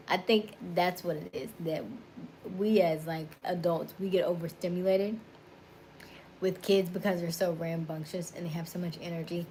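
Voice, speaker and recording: A woman's voice: on the low side, steady tone, moderate pace, a little mellow, slight background noise. A woman in her thirties from Florida, with a Florida accent, chatting casually on a livestream, laughing often and greeting viewers by name. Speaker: livestream host. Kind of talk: casual livestream chat reading viewer comments.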